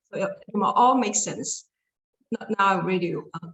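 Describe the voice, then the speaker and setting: A woman's voice: medium pitch, moderate pace, creaky. A woman giving an online language lesson, talking hesitantly with many fillers and restarts. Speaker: Chinese language teacher. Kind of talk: online lecture with slides. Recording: echoey room with faint noise.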